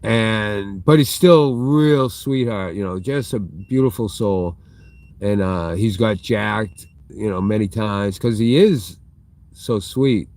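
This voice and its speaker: A man's voice: on the low side, slow pace, darkish tone, dry recording. A middle-aged man live streaming from inside a store, telling a long rambling story and breaking off to answer viewer chat. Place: inside a big retail store.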